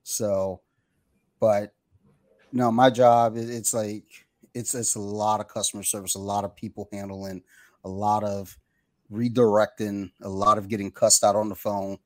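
A man's voice: on the low side, flat delivery, a little slow, no echo. A man in casual conversation, telling a rambling, profane story and acting out the people on the phone. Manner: rambling storyteller, swears, acts out phone callers. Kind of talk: casual chat.

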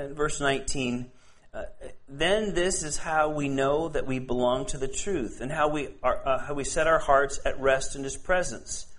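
Earnest higher-voiced male preacher. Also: fairly bright tone. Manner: earnest, frequent stammered restarts. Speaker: pastor. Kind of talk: sermon with scripture reading.

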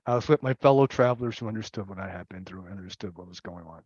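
A man giving a personal recovery share at a support meeting, speaking candidly and haltingly, repeating words and laughing. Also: deep voice, darkish tone, slightly rough, no room sound, lo-fi sound.

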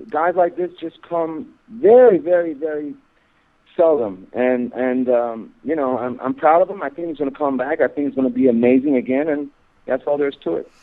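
Man on a phone line, halting, repeats himself, gets emphatic, tinny. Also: fairly high pitch, animated. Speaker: guest. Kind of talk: interview on radio.

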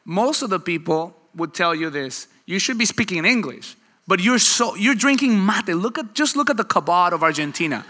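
A male pastor delivers a sermon in a loose, conversational manner, drawing his congregation into quick exchanges. His voice sits a little high and rings bright and forceful. The sound carries a long reverb from a large church hall. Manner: conversational, animated preaching with audience back-and-forth.

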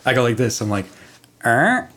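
A man's voice: medium pitch, lively intonation, a little fast, fairly bright tone. Casual swearing young man telling a story. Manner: rambling, profane, lots of fillers. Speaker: podcast guest.

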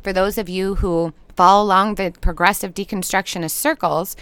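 A woman with a Minnesotan accent, giving a podcast intro in a gentle, earnest, unhurried way. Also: medium pitch, clear, resonant tone, no room sound. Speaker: podcast host. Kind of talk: reflective podcast intro monologue.

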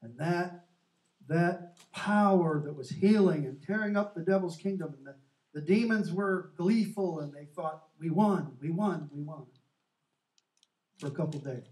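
A man's voice: fairly high pitch, moderate pace. Earnest storyteller man, echoey and distant. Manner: earnest, animated storyteller who acts out quotes. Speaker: co-host of a Christian talk show. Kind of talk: casual faith talk, storytelling. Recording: echoey room, distant from the mic.

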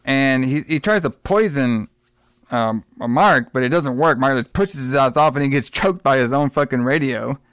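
A man's voice: mid-range voice, expressive, moderate pace, a bit bright, smooth, no room sound. Podcast guy rambling thru a plot recap, swears a lot, dry close sound. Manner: rambling, profane retelling with put-on voices. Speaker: podcast co-host. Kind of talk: casual film review chat.

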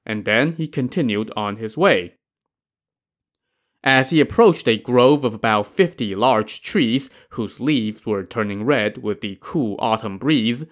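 A man's voice: mid-range voice, fairly bright tone. A man narrating a classic tale in a conversational, wry storytelling style with casual asides. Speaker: podcast narrator.

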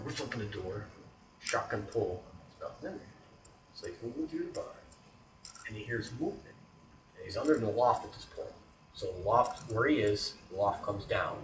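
In casual talk, a man tells a creepy story, acting out scenes with sound effects and often checking in with "right?". His voice is on the low side with lively intonation at normal speed. The recording has a roomy echo, a distant mic, and faint background noise.

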